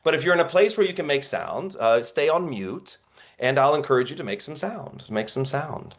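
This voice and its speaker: A man's voice: medium pitch, animated, normal speed. A man coaching actors in an online workshop, telling stories in an earnest, reflective way over a video call. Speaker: acting coach.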